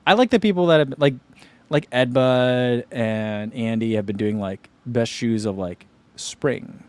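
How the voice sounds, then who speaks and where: A man's voice: medium pitch, unhurried, clean tone. A man hosting a running channel, chatting casually on a livestream and answering viewer comments, rambling with lots of "like" and "you know.".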